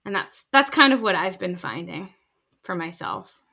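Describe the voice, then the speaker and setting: A woman scientist in her thirties, explaining her research in lively casual conversation and acting out quoted voices. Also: on the low side, moderate pace, vocal fry. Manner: animated, acts out quoted voices. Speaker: scientist guest.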